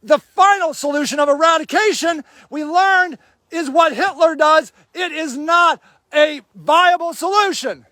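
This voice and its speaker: A man livestreaming from a homeless camp sweep, shouting angrily and confronting officials. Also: very high voice, a little slow, dry recording, studio quality. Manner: shouting, furious, accusatory. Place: outdoor homeless camp in snow.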